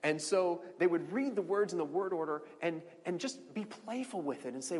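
A man giving an informal Bible teaching to a group, animated and repeating words as he restarts phrases. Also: normal speed, few pauses, long reverb tail. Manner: animated, restarts phrases, swoops high on emphasis.

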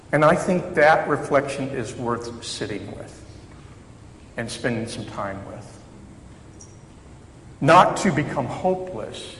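A male chaplain preaches in a church sanctuary, reflective and conversational, with self-deprecating humor. His voice is mid-range and fairly bright. Echoey hall reverb and faint background noise fill the recording.

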